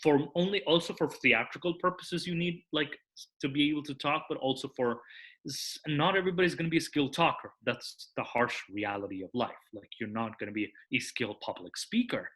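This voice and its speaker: A man's voice: mid-range voice, brisk, fairly bright tone. A man, a podcast guest, explaining at length in casual chat, restarting sentences and tacking "that is" onto his points. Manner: rambling, restarts, tags sentences with "that is".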